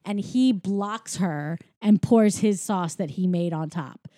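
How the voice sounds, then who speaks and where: Mellow-voiced woman casually recapping a film. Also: medium pitch, slow, dry recording, studio quality. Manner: rambling, filler-heavy storytelling.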